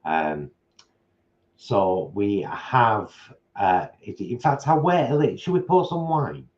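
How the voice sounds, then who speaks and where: A man's voice: lowish voice, lively intonation, slow, darkish tone. Chatty man, lo-fi. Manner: chatty, rambling storyteller. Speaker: live stream co-host. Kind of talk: casual live stream chat. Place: home, at a table.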